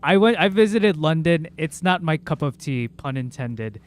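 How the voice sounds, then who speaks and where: Chatty young American man, smooth voice. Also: fairly high pitch, animated, moderate pace, faint music behind. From United States. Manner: rambling, chatty, laughs often, many fillers. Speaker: streamer. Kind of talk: casual livestream chat.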